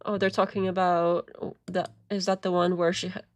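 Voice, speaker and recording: A woman's voice: on the low side, level tone, fairly quick, no room sound. A woman streamer commenting casually and sarcastically, rambling with many fillers and laughing at her own jokes. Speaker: streamer reacting to a call.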